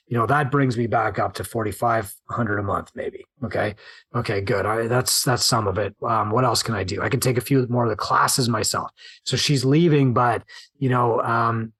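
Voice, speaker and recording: With a steady, husky, fairly bright medium-pitched voice at normal speed, a podcast host and gym business coach talks solo about business. He's animated and dramatizes worried inner thoughts.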